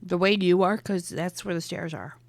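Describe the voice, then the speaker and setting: A woman's voice: fairly low pitch, normal speed, vocal fry, no room sound. A woman narrating a tabletop game as game master, describing scenes casually with fillers.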